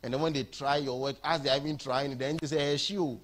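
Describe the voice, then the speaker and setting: A man with a Ghanaian accent preaching an animated sermon in a church, switching between English and Twi. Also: mid-range voice, fast.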